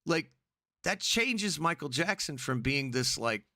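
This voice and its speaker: A man co-hosting a podcast, rambling and animated as he chats casually. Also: a little high, unhurried, no room sound. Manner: rambling, animated, self-interrupting. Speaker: podcast co-host.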